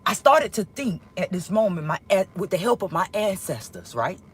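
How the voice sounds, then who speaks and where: Husky, animated woman telling a story. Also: mid-range voice, normal speed. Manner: emotional, profane, rambling, swinging between loud and hushed. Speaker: storyteller vlogger. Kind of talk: casual storytime monologue.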